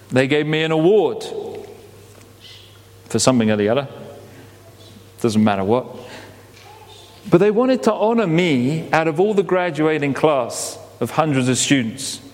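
A man preaching a sermon as a pastor, animated, asking rhetorical questions and repeating words as he goes. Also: medium pitch, big-room sound.

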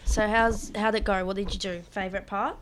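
A woman's voice: mid-range voice, steady tone, fairly quick, a bit bright, slight background noise. A woman co-hosting a casual chat podcast, steering the topics in a bossy way. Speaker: podcast co-host.

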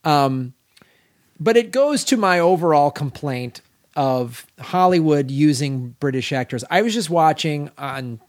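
An American man co-hosting a podcast in casual movie chat, talking in an animated, rambling way that repeats words and restarts sentences. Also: a little high, a little slow. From United States. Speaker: podcast co-host. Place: garage.

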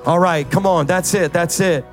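A middle-aged male pastor preaches a sermon that rises into fervent, sing-song prayer, exhorting the congregation with repeated calls. His voice is high with a steady tone at a normal speed, and soft music plays in the background.

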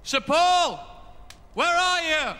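A man hosting a comedy show, calm and bossy in scripted banter. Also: extremely high pitch, slow pace. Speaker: comedy podcast host.

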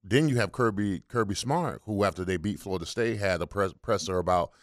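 Male sports-talk co-host, very low voice, blunt. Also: fairly quick, dry recording, clean studio sound. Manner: blunt, dismissive. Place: radio studio.

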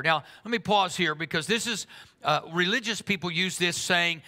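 A man preaching a sermon in an earnest way, slowing down for emphasis and speeding up for asides. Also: high-pitched, animated, sharp tone. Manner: earnest, shifts between slow emphatic lines and quick asides. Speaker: pastor. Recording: long reverb of a large hall.

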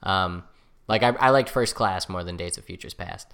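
A young woman co-hosting a podcast in casual chat, animated and swearing freely. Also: very deep voice, normal speed. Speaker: podcast co-host.

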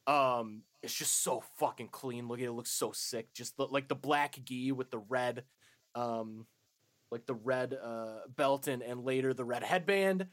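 A man's voice: mid-range voice, a little slow. A young man co-hosting a podcast, recapping a movie in casual chat, swearing and laughing. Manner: swearing, laughing recaps with offhand quoted lines. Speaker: podcast co-host.

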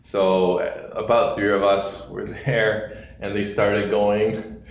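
A man's voice: lowish voice, takes it slowly, roomy sound, slight background noise. Man telling a rowdy story. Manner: animated, acts out voices, swears, laughs. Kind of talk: casual storytelling chat.

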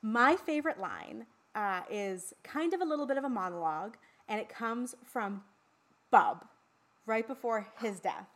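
A woman's voice: a little high, animated, unhurried, fairly bright tone. A woman co-hosting a podcast, talking casually and swearing freely about a horror film. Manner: chatty, swears freely, lots of fillers. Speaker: podcast co-host.

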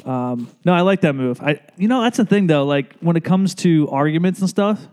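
A man's voice: a little high, animated, moderate pace, a little mellow, clean tone. Joking man co-hosting a podcast. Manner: joking, playfully bossy, laughs while talking. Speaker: podcast co-host. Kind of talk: casual chat. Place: studio with couch.

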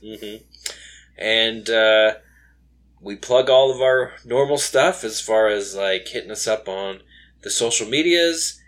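A man's voice: lowish voice, takes it slowly, fairly bright tone. A young man co-hosting a casual late-night podcast, rambling with lots of fillers and restarts, a little tired. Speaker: podcast co-host.

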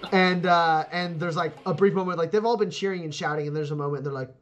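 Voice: mid-range voice, a bit bright. A game master narrating a tabletop game in rambling, filler-heavy speech, often breaking into laughter.

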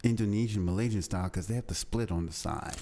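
Podcast co-host, man with a very deep voice, relaxed and earnest, slight background hiss. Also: quick pace, gravelly. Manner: relaxed, earnest, explains for listeners. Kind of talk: casual chat.

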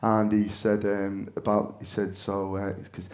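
A man's voice: fairly low pitch, completely flat delivery, measured pace, a little mellow. A middle-aged man with a Manchester accent, an actor chatting as an interview guest, telling stories in a self-mocking way with frequent laughs. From England. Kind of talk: casual storytelling interview.

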